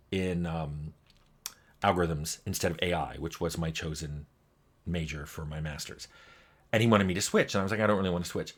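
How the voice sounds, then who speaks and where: An older man telling personal stories in a casual, conversational way, acting out bits of dialogue as he goes. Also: deep voice. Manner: conversational, lively retelling with quoted dialogue. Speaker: game developer talking to camera.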